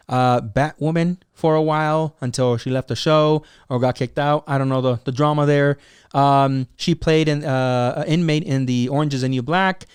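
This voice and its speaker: A man with a slightly raised pitch talks straight into the mic in a dry, close room. He hosts his own commentary show, running hot and sarcastic and breaking into mocking voices to act out what others said. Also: clean tone, dry recording. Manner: excitable, sarcastic, acts out quotes in mocking voices. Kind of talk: animated solo commentary.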